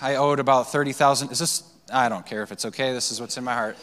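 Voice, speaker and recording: A man's voice: mid-range voice, fairly even intonation, fast, hardly any pauses, fairly bright tone. A male pastor preaching a sermon, telling personal stories in a loose, conversational way with fillers and restarts. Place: church sanctuary. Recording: long church hall reverb.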